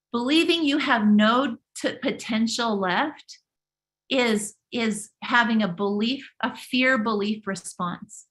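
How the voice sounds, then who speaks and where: Speaking slowly in a slightly high, somewhat bright voice, a woman hosts a live motivational stream. She preaches emphatically and repeats and restarts her words often.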